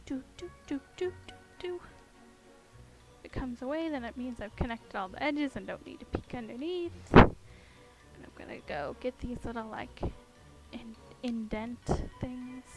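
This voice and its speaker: Giggly, high-voiced young woman chatting casually. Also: lively intonation, moderate pace, darkish tone, soft background music. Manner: chatty and giggly, rambling with many fillers. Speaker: streamer. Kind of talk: casual chat while carving pumpkins. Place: home desk.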